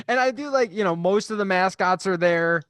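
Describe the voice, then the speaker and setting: A man's voice: high voice, moderate pace, clear, resonant tone, dry recording, clean studio sound. A man co-hosting a podcast, retelling a film scene by scene and acting out the characters' lines in casual chat. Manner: animated storyteller, acts out characters' lines. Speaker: podcast co-host.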